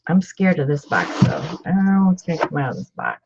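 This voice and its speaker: In casual vlog show-and-tell style, a woman shows off books from her collection, chatting away and gushing over each find. Her voice is low-pitched, sing-song, brisk and a little mellow, with the highs cut off.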